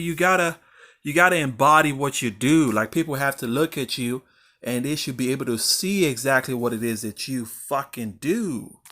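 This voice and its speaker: A man's voice: medium pitch, fairly bright tone. A man with a mid-range voice talks through a motivational vlog monologue. He rambles, circles back and repeats words to drive a point home, and swears casually along the way. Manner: rambling, repeats himself for emphasis. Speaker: vlogger.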